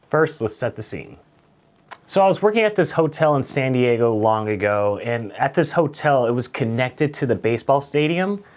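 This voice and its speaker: Laid-back low-voiced male storyteller. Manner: casual, profane, lots of "like" and "uh". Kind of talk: comedic storytelling.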